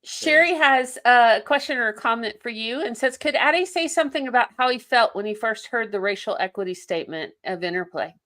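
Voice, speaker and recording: A woman's voice: on the high side, animated, fairly quick, hardly any pauses, fairly bright tone. A woman hosting an interview, affirming her guest and laughing often. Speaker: host. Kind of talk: interview conversation.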